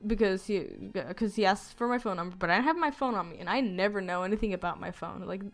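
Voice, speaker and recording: A woman's voice: mid-range voice, fast talker. Rambling woman telling a storytime vlog. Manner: rambling, filler-heavy, swearing. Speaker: storytime youtuber.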